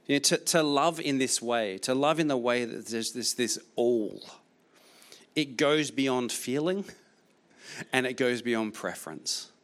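A man's voice: medium pitch, a little slow, a bit bright. A man preaching a sermon as pastor, repeating key phrases emphatically, with frequent restarts.

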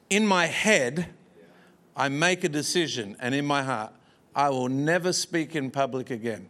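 A man's voice: mid-range voice, expressive, unhurried, a bit bright. Joking man preaching. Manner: humorous, self-deprecating, chuckling asides. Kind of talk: storytelling sermon.

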